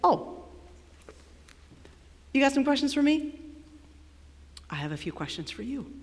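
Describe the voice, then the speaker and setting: A woman voicing God as an all-powerful male quizmaster, firing off rapid, mocking questions. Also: a little high, very animated, fairly bright tone. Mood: challenging. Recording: long reverb of a large hall.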